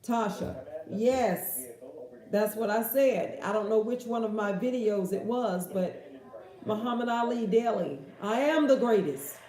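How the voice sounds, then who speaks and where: A woman's voice: mid-range voice, unhurried, mellow. A woman hosting a casual question-and-answer talk, with an emphatic, preachy, folksy way of speaking. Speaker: host. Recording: echoey room.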